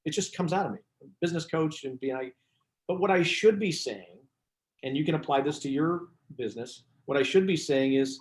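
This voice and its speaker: A man's voice: mid-range voice, brisk. Chatty man in a roomy echo. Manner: animated storyteller, frequent restarts and asides. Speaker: business coach, guest. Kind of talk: casual interview chat.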